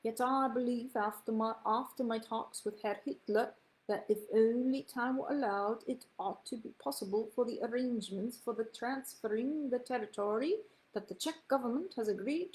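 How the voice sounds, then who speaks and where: Woman putting on a stately older British statesman, put-on British accent, measured and formal, a bit higher than her usual voice. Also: darkish tone, natural voice, low-quality recording. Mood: solemn. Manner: measured, formal speech-making.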